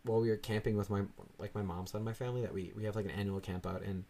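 Young dude rambling thru a story, kinda low voice, lots of likes and swearing. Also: male voice, little pitch movement, rapid-fire, warm tone. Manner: rambling storytelling, swears a lot, frequent fillers. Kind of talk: casual podcast chat.

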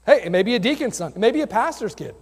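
A man's voice: high voice, animated, rapid-fire, slightly rough. A man preaching a sermon as a youth pastor, earnest and conversational, telling personal stories from the pulpit. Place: church sanctuary. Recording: long hall reverb.

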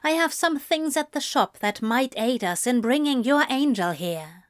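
A woman's voice: high voice, expressive, a little slow, dry recording, clean studio sound, pitched above the performer's own voice. A woman voicing a prim, stern male angel who chides in a fussy way. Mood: chiding. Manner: chiding, fussy.

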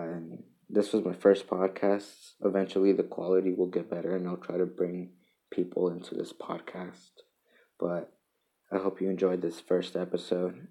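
A man with a deep, very dark and mellow voice hosts a casual solo podcast. He reads memes aloud in an even, flat tone, stopping and restarting often and chuckling between lines. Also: creaky. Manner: halting, self-interrupting, chuckles between lines. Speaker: podcast host.

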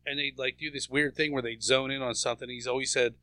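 A man's voice: medium pitch, little pitch movement, quick pace, hardly any pauses, bright, forceful tone, dry recording. A man co-hosting a casual podcast, telling crude, mocking stories. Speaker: podcast co-host. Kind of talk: casual chat.

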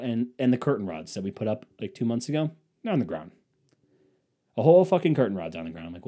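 A man's voice: medium pitch, expressive, fast talker, mellow. Swearing, ranting male podcast host. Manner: profane, ranting, sarcastic. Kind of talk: casual comedic monologue.

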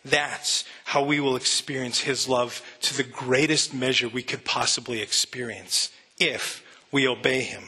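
Near tears, a pastor preaches earnestly and conversationally in his church sanctuary, restarting sentences often. His mid-range voice stays steady, a little slow with hardly any pauses, and sounds sharp and slightly rough.

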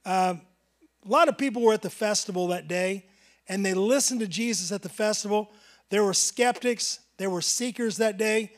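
A middle-aged man preaching a sermon, building to emphatic bursts and then dropping to quiet asides. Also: high-pitched. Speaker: pastor.

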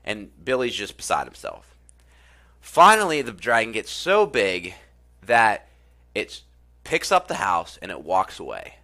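A man talks about self-improvement in a casual, earnest way. His low-pitched voice is bright and forceful. He often repeats phrases and drops in fillers as he retells a story. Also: huge pitch swings, measured pace. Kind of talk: casual spoken talk and storytelling.

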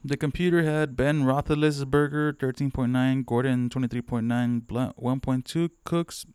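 A man co-hosting a casual podcast, reading fantasy football stats and dropping deadpan jokes. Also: mid-range voice, normal speed, clear, resonant tone, no room sound, clean studio sound. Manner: joking, deadpan quips. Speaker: podcast co-host.

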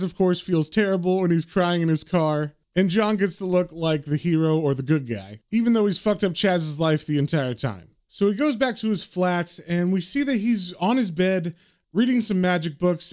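A man recaps a comic book issue in an informal, chatty way, cursing freely as he goes. His speaking voice sits somewhat high for a man. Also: a little mellow, clear, resonant tone.

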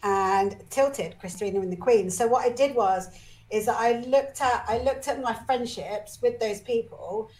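A woman's voice: fairly high pitch, unhurried, a little mellow, poor audio. A woman talking as a podcast guest, telling emotional personal stories with energy, swearing casually and often restarting her sentences. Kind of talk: candid personal storytelling.

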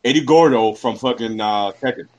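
A man's voice: medium pitch, brisk. A man on a casual panel, telling stories in slangy, cursing speech. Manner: storytelling, slangy, curses. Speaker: panel guest.

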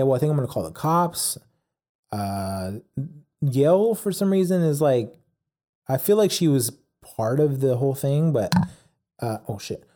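This man's voice is medium in pitch with a dark tone. Recapping a documentary in a casual chat, he rambles on with plenty of "like" and "yada yada" fillers.

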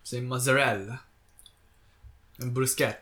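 A man chatting casually, with a teasing, rambling way of talking. He drops into soft asides now and then. His pitch sits in a middle range. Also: steady tone, a little slow. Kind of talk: casual chat.

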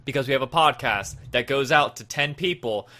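A man's voice: mid-range voice, fairly quick. A man hosting a casual gaming podcast, rambling and joking as he introduces topics. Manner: rambling, jokey, animated. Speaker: podcast host.

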